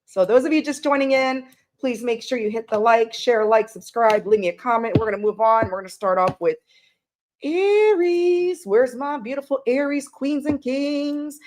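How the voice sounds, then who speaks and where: Woman, tarot live-streamer, slightly high voice, chatty and affectionate with viewers. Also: animated, moderate pace, darkish tone, a little hiss or hum. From Canada. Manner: chatty, greets viewers with pet names.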